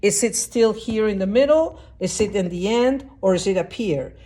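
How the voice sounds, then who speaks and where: A woman's voice: medium pitch, normal speed, dark tone. A woman teaching a lesson at a whiteboard, explaining step by step and often checking that the class understands. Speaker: Spanish teacher.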